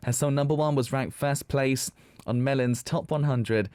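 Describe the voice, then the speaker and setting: A man's voice: mid-range voice, steady tone, normal speed, a little mellow, no room sound. A man co-hosting a radio music show, reading an enthusiastic album review and chatting. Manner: enthusiastic, reads in long fluent sentences. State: out of breath. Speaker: radio co-host. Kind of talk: reading a prepared album review, then casual chat.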